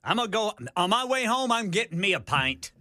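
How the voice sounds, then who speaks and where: A man co-hosting a talk radio show, tossing in chummy, quick reactions during studio banter. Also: sits high, sing-song, pushed and bright, no room sound. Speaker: radio co-host.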